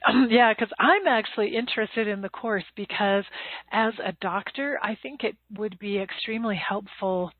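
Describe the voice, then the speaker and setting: A woman doctor asks questions in a thoughtful, measured way during a casual interview. Her voice is a little husky. The sound is dry and thin, like a phone line. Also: medium pitch, no room sound.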